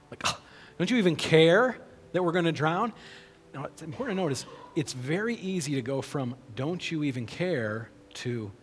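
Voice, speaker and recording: A man preaching a sermon in a conversational way, often checking in with "right?". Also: mid-range voice. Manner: conversational, frequent "right?" asides. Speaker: pastor. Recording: long hall reverb.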